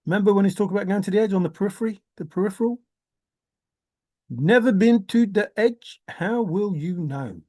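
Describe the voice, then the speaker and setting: A woman's voice: mid-range voice, a little fast, mellow, dry recording. An older woman rambling to herself in a musing monologue, repeating words in a singsong way and humming. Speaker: treasure hunt vlogger.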